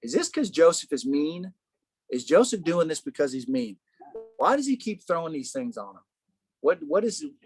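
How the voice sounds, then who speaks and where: A man with a fairly high, husky voice leads a casual Bible study at normal speed, animated and full of rhetorical questions. He says "man" a lot, and faint music plays behind him.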